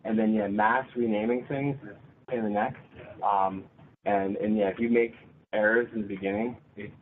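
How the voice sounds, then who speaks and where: A man's voice: lowish voice, fairly even intonation, normal speed. A man presenting at a user group meeting, answering audience questions in an informal, practical way, thinking aloud. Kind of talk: casual Q&A answers. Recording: tinny phone-like sound with faint noise.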